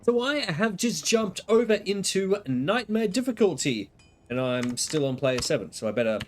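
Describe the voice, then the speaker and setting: A man's voice: high-pitched, very animated, music in the background. A man giving casual gameplay commentary, chatty and a bit self-mocking, his voice stuffy from the flu. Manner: chatty, self-deprecating, lots of pauses. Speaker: gaming video creator.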